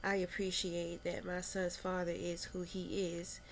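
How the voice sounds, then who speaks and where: A young adult woman vlogging candidly about her spiritual struggles, talking in a slow, meandering way with many fillers and restarts, and audibly emotional. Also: on the low side, level tone, gravelly, slight background noise. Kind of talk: candid personal reflection.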